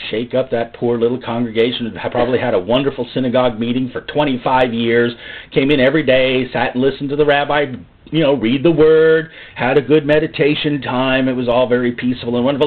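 A man's voice: mid-range voice, a little fast. A male pastor preaching a sermon in a dramatic style. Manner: dramatic, lively, acts out voices. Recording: tinny phone-like sound.

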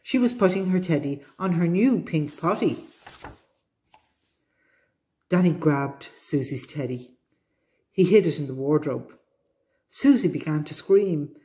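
A woman with an Irish accent, a librarian reading a children's storybook aloud with expressive delivery. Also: on the low side, slow, pauses often.

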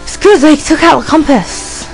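Casual let's-play woman, high and lively, talks off the cuff, soft game music behind. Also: normal speed, poor audio. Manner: chatty, rambling, talks to her dog; excitable, yelps and squeals at the game. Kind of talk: casual gameplay commentary.

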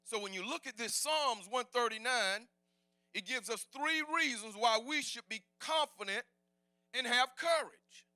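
Shouting, high-voiced, bright male preacher. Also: a little slow, no room sound, studio quality. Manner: preaching with call-and-response, rising to shouts. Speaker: pastor. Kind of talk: sermon. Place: church sanctuary.

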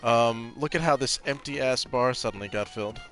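A man's voice: medium pitch, moderate pace, over music. A man streaming a video game, chatting casually and jokingly with his viewers and swearing freely. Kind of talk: casual gameplay commentary.

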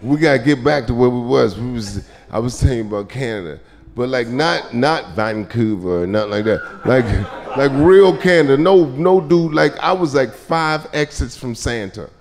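A man doing live stand-up comedy, telling loose, profane stories and shouting his punchlines. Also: mid-range voice, lively intonation, moderate pace. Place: comedy club stage. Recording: live club recording with crowd laughter. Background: audience laughter.

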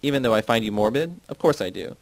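A man's voice: medium pitch, animated, fast, no room sound, lightly acted, low-quality recording. A man reading the part of a defiant young woman worker who needles her friend with pointed questions. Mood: challenging.

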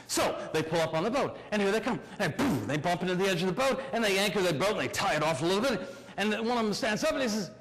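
Male keynote speaker, animated comic storyteller, high voice, big hall echo. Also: fast. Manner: animated, shouty, acts out voices. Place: large hall. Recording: echoey lecture hall.

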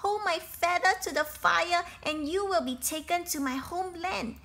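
A woman voicing a frightened, later stern, female magic bird in a storybook reading, crying out in high pleading tones. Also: moderate pace, a bit bright.

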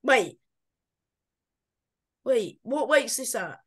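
A woman with a fairly high voice chats casually as a boxing pundit. She talks loosely, with many fillers and restarts, and keeps correcting herself mid-sentence. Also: lively intonation, extremely slow, fairly bright tone, slightly rough. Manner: chatty, hesitant, self-correcting. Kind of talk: casual fight predictions chat.

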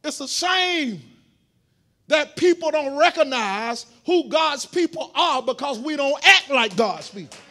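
A man preaching a sermon in a church, repeating his words as he goes and swelling into shouted preaching. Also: very high voice, animated, unhurried, faint music behind. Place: church sanctuary.

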